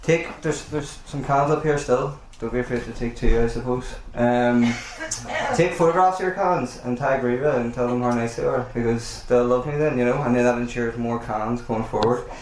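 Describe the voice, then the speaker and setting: In a bar function room, a male event host introduces a live poetry night casually, sounding hesitant and apologetic with lots of ums. His voice is mid-range and a little mellow at a moderate pace, with slight background noise, echoey acoustics, and the crowd chattering.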